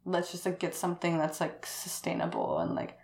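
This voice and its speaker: Lowish woman rambling with constant "like". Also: wildly swooping pitch, a little fast, creaky, a little mellow, a little hiss or hum. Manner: rambling, says "like" constantly, laughs often. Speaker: guest. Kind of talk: casual conversation. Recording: roomy echo.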